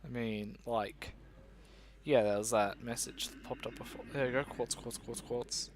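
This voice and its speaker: A man's voice: medium pitch, fairly even intonation, unhurried, a little hiss or hum. A young man chatting casually as he plays a survival game, rambling and joking at himself while talking to his viewers. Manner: rambling, self-mocking, talks to viewers. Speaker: gaming video host. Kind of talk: casual gameplay commentary.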